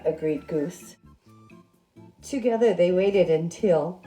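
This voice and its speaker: A woman narrating a children's picture book in an expressive, playful reading style. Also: lowish voice, takes it slowly, long pauses, roomy sound, faint music behind. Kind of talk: storybook read-aloud.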